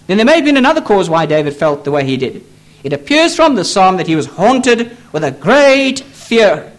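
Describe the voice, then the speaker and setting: Male pastor, very high pitch and lively intonation; emphatic, repetitive pulpit sermon. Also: normal speed. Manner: emphatic, repetitive preaching with pleading appeals. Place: church.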